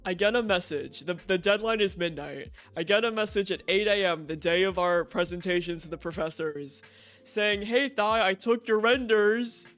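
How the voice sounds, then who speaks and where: A young man streaming a game, telling a story in a profane, animated rant full of "right?" asides. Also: sits high, normal speed, faint music behind.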